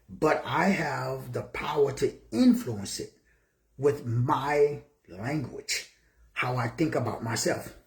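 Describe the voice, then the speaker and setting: A man's voice: mid-range voice, roomy sound. A man in his sixties from Texas giving a motivational talk in his office, preaching with rhetorical questions and greeting viewers by name. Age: 60s. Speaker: motivational speaker.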